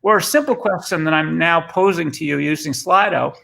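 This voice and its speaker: A man's voice: a little high, fairly quick, vocal fry, bright, forceful tone, slight background noise. A man with a Boston accent giving a conversational remote talk, often repeating words as he starts a thought. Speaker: guest speaker.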